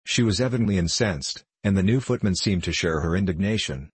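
Deep husky guy narrating an old novel, dry close sound. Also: animated, a little fast, hardly any pauses, no echo. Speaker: audiobook narrator. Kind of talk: scripted narration.

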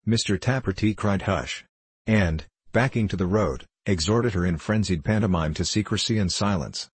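A man reading a classic novel aloud as narrator, measured and wry. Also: lowish voice, slightly rough, dry recording. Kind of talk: audiobook reading of classic fiction.

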